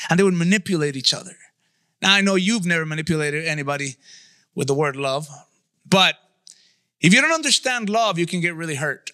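A man's voice: on the high side, animated, normal speed, bright, forceful tone, no room sound, studio quality. A man in his thirties giving a conversational sermon, often checking in with his listeners. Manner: conversational preaching, asks the audience. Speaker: pastor.

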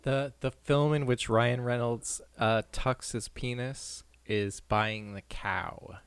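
A man's voice: medium pitch, fairly even intonation, slow pace, clean tone, no room sound. A man chiming in from the side of a casual podcast chat with dry, matter-of-fact remarks.

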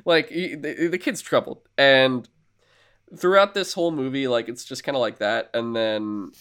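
A man's voice: mid-range voice, moderate pace, smooth. A man co-hosting a podcast, casually retelling a film's story with lots of filler words and playful asides. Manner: animated storyteller, many filler words, acts out quoted lines. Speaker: podcast co-host. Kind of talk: casual chat, retelling a film.

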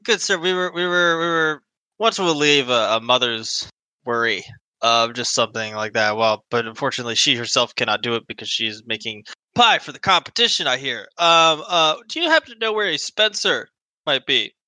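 A man's voice: medium pitch, lively intonation, moderate pace, bright, forceful tone, dry recording, low-quality recording. A man voicing a pompous male war-veteran adventurer in a tabletop game, blustering and lecturing in formal phrases.

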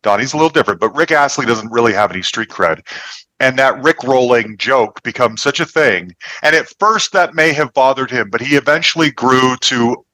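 A male podcast host interviews an author, often cutting in with short encouraging acknowledgements. His voice is bright and forceful, pitched in a middle range. The recording is dry and close to the mic. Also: normal speed, no echo, poor audio. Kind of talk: conversational interview.

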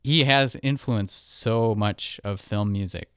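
A man's voice: on the low side, slow pace, a bit bright, clean tone, no echo, studio quality. A man who composes film music, talking casually and thinking aloud with fillers. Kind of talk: casual podcast chat.

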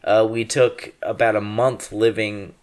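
A man's voice: on the low side, level tone, measured pace, clean tone. A young man from the Western United States, drunk, rambling and laughing as a podcast co-host. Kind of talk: casual chat.

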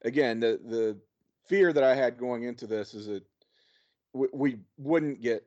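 A man's voice: medium pitch, a little slow, a little mellow. A man co-hosting a podcast, chatting casually about a movie, rambling with playful asides. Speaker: podcast co-host. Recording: dull lo-fi audio.

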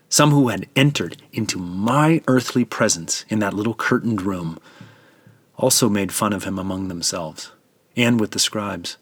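Male reader as God the Father, low, dry, solemn and tender, measured delivery. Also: breathy edge, no room sound. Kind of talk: dramatic scripture narration.

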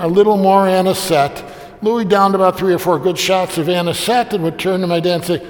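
A man's voice: sits high, steady tone, fast, in a large hall. An older man telling a family story in a sermon, folksy and anecdotal, slipping briefly into the voices of the people in it. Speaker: preacher.

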